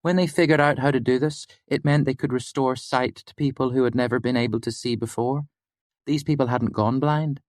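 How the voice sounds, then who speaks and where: A man's voice: medium pitch, steady tone, a little fast, no echo, clean studio sound, voice pushed up, natural voice. A man doing an earnest young woman student. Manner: earnest, insistent.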